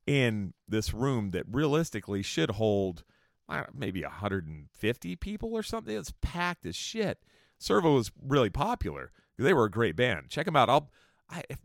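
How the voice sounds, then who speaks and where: A man's voice: on the low side, dry recording, clean studio sound. A man telling casual, profane tour stories in a rambling way with joking asides. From California. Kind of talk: casual storytelling monologue.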